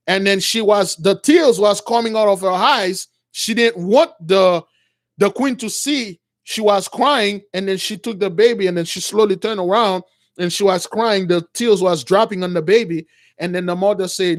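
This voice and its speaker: A man's voice: high voice, moderate pace. A man retelling a religious story as a preacher, rambling with many restarts and calling his listeners brothers.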